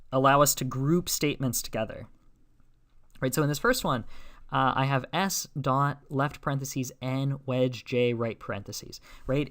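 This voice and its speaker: Male lecturer, middle-pitched voice, explains steps and tags them with "right?", many fillers. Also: a bit bright. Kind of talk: recorded logic lecture. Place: classroom or recorded lecture.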